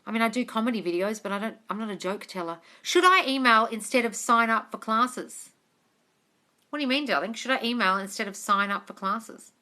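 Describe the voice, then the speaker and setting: A woman's voice: a little high, brisk, sharp tone. An Australian woman answering questions on a live stream as a manifestation coach, chatty and casually swearing, calling her listeners darling.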